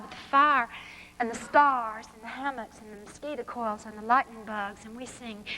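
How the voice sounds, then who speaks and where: A woman's voice: a little high, fairly even intonation, normal speed, sharp tone. A woman author reading her fiction aloud at a college forum, telling a vivid first-person story. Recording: reverberant hall, faint background noise.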